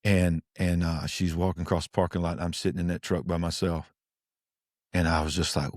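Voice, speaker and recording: A middle-aged man, a pastor, telling a personal story in a casual interview, earnest and halting with many restarts. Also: sits low, flat delivery, no echo, clean studio sound. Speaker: pastor, podcast guest.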